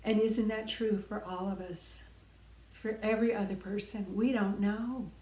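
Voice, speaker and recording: A woman's voice: medium pitch, fairly even intonation, measured pace, darkish tone, echoey room. A middle-aged woman giving an earnest, reflective personal talk, sharing life lessons and pressing her points with emphatic repetition.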